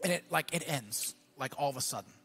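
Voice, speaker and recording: A man preaching a sermon as pastor, telling a story and then building to shouted exhortation in a church. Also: mid-range voice, expressive, a little fast, creaky, faint music behind.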